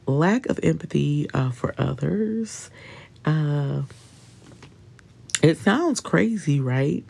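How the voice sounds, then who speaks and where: A woman's voice: sits low, expressive, takes it slowly, gravelly, a little mellow, slightly rough. A woman hosting a casual solo podcast, chatting informally and talking straight to her listeners. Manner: chatty and informal, with many fillers and asides to listeners. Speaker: podcast host.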